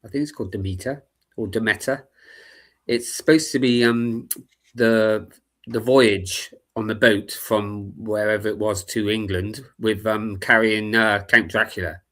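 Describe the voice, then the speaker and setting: British male panel guest, low voice, laid-back and hesitant. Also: fairly even intonation, measured pace, fairly bright tone. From United Kingdom. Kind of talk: casual panel chat.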